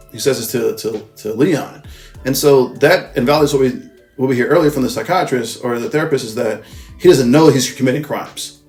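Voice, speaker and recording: Faint music plays behind a male film reviewer whose mid-range voice is a little mellow. His plot recap wanders casually, full of swearing and frequent self-corrections.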